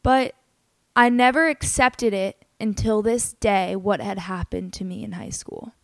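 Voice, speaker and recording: A woman's voice: medium pitch, steady tone, measured pace, creaky, no room sound. Earnest young woman telling a personal story. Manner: earnest, candid and emotional, with many "like" fillers. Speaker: podcast host.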